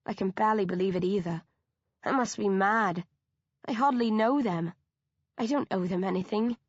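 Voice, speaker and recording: Woman audiobook narrator, lively first-person reading, dry, slightly dull sound. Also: mid-range voice, no echo. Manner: lively, voices and shouts characters' lines.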